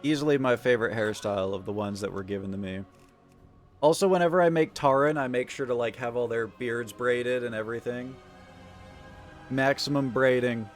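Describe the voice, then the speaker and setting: A man streaming a game, chatting casually in an excitable, profane, rambling way. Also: medium pitch, moderate pace, faint music behind. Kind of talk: casual gaming commentary.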